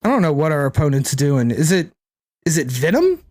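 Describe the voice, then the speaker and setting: A man's voice: on the high side, very animated, brisk, a little mellow. A man streaming a card game, rambling and thinking aloud to his chat, swearing casually. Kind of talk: casual gameplay commentary to chat.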